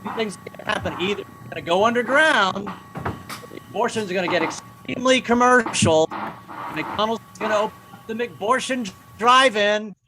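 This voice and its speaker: A man's voice: high voice, normal speed, background noise. An older man doing stand-up comedy, wry and self-mocking, with stammering restarts.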